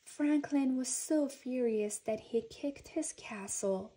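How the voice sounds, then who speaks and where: Slow, husky woman reading a storybook. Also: sits high, poor audio. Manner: gentle, even storytelling. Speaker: reader.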